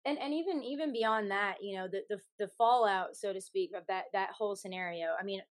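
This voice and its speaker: A young Canadian woman, a singer, tells a story candidly while appearing as a podcast guest. She's frank and animated, swears freely, and laughs often. Her pitch is medium, her pace a little fast, and the recording is dry.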